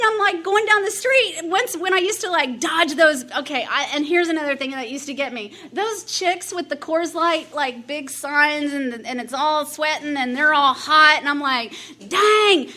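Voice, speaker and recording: Bright, high-voiced woman. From Dallas, Texas. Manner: animated, laughing, acts out her own past dialogue. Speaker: AA speaker. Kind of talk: recovery meeting share.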